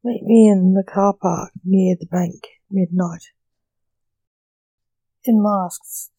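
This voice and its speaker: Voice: medium pitch, fairly even intonation, takes it slowly, warm tone, no echo, low-quality recording. A reader voicing a menacing male kidnapper on the phone, giving orders in a cold, commanding way.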